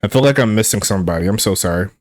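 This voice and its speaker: A man calling a simulated football game play by play in a relaxed streaming style, joking with chat and rising on big plays. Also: on the low side, very fast, a little hiss or hum. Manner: laid-back, laughs at jokey player names, excitable on big plays. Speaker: play-by-play commentator. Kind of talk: casual sim football commentary.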